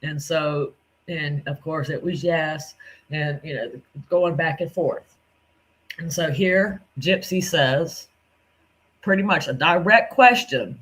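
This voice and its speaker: Guy ranting over clips, kinda high bright voice, calls people out, swears a lot. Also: unhurried. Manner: indignant, cursing, addresses the subject directly. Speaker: commentator reacting to clips. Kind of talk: angry reaction commentary.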